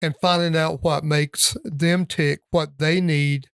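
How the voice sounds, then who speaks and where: A male podcast host with a somewhat high voice keeps a steady run of affirmations going. When he reflects, he speaks slowly and deliberately. The sound is dry and close. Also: gravelly, smooth, no echo. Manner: affirming, frequent "yes" and "mm-hmm", reflective asides. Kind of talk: casual interview chat.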